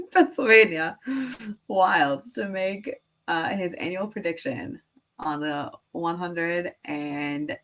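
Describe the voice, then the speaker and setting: A young woman chatting casually as she works, thinking out loud with lots of fillers. She speaks slowly, in a lowish voice with a gravelly fry. Now and then she drops into a soft whisper. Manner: rambling, musing aloud with fillers, drifting into soft whispers. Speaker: teacher-creator making classroom activities. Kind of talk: casual work-with-me chat.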